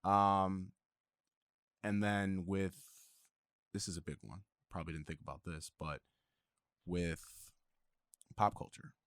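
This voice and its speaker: Low-voiced man rambling on a podcast. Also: flat delivery, takes it slowly, pauses often, fairly bright tone, smooth, dry recording, clean studio sound. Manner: rambling, hesitant, restarts often. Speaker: podcast host. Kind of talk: casual chat.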